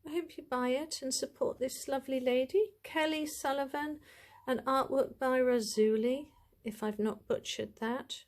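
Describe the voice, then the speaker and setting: Woman, slightly high pitch, chatty, gushing, rambling, tarot deck review. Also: fairly even intonation, moderate pace, hardly any pauses. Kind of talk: casual deck review to camera.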